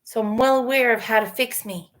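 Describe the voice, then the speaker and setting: A woman's voice: fairly high pitch, a little fast. A woman casually chatting with her livestream viewers, rambling, swearing freely and laughing often.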